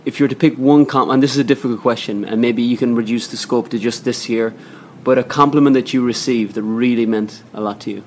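A man's voice: mid-range voice, steady tone, a little mellow, a little hiss or hum. A man hosting a podcast, asking questions and murmuring along attentively. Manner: attentive, quick backchannel murmurs. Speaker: podcast host. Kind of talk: interview questions.

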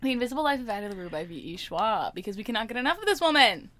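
A young woman hosts a casual podcast with friends, her voice bright and her pitch swooping all over. She giggles through her jokes and lets sentences trail off softly. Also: big pitch swings, rapid-fire. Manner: giggly, joking, trails off quietly. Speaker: podcast host. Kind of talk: casual chat among friends.

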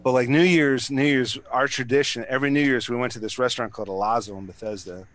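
A man's voice: medium pitch, steady tone, fast, a bit bright. A man in his thirties chatting casually as a podcast co-host, rambling with lots of fillers and swearing. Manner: rambling, profane, filler-heavy. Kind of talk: casual chat.

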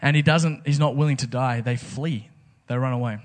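A man's voice: mid-range voice, normal speed. A man preaching a casual, conversational sermon, full of rhetorical questions. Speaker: pastor.

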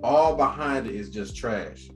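A man's voice: medium pitch, measured pace, roomy sound, faint music behind. Slangy man telling wild stories. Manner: animated, slangy, profane storyteller. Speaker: podcast co-host telling stories. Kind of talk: casual storytelling chat.

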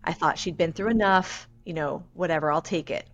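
A woman guest on a podcast, telling a personal story in an earnest, measured and reflective way. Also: deep voice, highs cut off.

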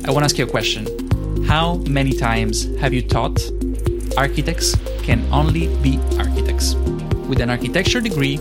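A man with an Italian accent hosting a podcast interview, talking in an energetic, friendly way. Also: medium pitch, moderate pace. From Italy. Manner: energetic, scripted intro then chatty. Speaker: podcast host. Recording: loud music behind intro. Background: loud music.

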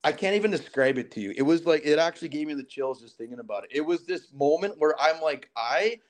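With a slightly high voice and a quick pace, a man in his thirties recounts a story as a podcast guest. He's from southern Alberta, Canada, keeps things casual and animated, and acts out what people said.

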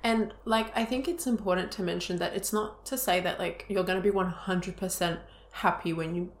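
A young woman co-hosting a casual podcast, speaking earnestly and openly and scattering "like" through her sentences. Her voice has a gravelly, creaky texture, and the room around her adds a noticeable echo. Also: on the low side, steady tone, moderate pace. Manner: earnest and open, many "like" fillers. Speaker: podcast co-host. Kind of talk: casual conversational podcast chat. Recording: roomy echo.

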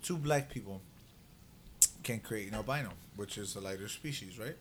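A man's voice: fairly low pitch, normal speed, faint music behind. A man from Central America rambling in a crude, casual podcast chat, often trailing off into mumbles.

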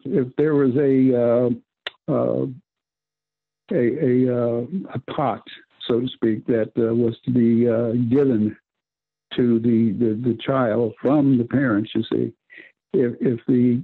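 A husky-voiced man teaches scripture on a radio broadcast, breaking off and restarting his sentences. His voice comes through a narrow, tinny phone line. The sound is dry, with no room around it. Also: medium pitch, no echo. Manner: halting, many restarts and "you see". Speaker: preacher.

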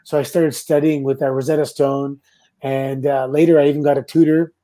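Canadian man telling stories, mellow voice. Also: medium pitch, a little fast. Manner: relaxed, laughing anecdotes. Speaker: guest, former pro wrestler. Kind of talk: casual storytelling.

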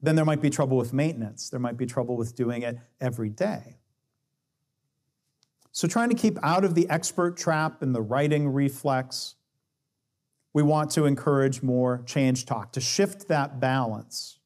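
A man's voice: medium pitch, unhurried, a little mellow. A man giving a conversational talk on coaching, acting out quoted dialogue as he explains. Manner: explains with acted-out dialogue quotes, shifting pace. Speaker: speaker on coaching and lean management.

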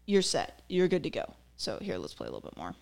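A woman's voice: sits low, wildly swooping pitch, quick pace, creaky, a little mellow. Opinionated woman podcast host. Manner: opinionated, ranting, filler-heavy. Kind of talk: casual commentary.

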